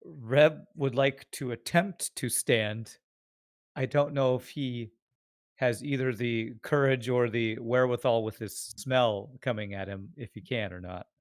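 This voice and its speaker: A man's voice: medium pitch, measured pace. A man playing a tabletop game, casually describing what his character does. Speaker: player.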